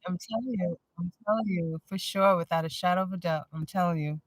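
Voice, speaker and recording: A woman chatting casually on a live stream, blunt and animated, often breaking into laughter. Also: on the low side, fairly quick, dry recording. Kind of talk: casual chat.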